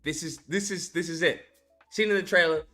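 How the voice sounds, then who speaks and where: Male reviewer, bright higher voice, loose crude recap style. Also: steady tone, a little fast, soft background music. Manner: rambling, crude, lots of fillers. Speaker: movie reviewer. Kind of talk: casual ranting film recap.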